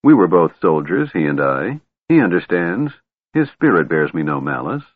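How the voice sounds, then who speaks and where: A man voicing a cunning, seductive female warlord who speaks wryly and with quiet menace, in an audiobook with a thin, narrow sound. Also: deep voice, big pitch swings, moderate pace. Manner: wry, purring and menacing.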